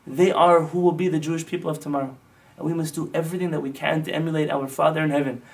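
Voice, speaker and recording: A man's voice: on the high side, steady tone, quick pace, vocal fry, far from the mic. A male rabbi giving a sermon-like teaching, telling stories with impassioned, emphatic build-ups. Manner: impassioned storytelling that swells into emphatic lists.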